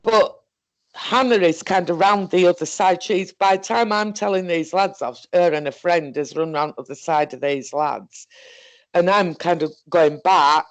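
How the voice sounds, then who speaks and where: A woman with a Northern English accent telling a personal story in a halting, rambling way, correcting herself and restarting as she goes. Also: on the low side. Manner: halting, self-correcting, full of fillers and restarts. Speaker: guest recounting a paranormal experience.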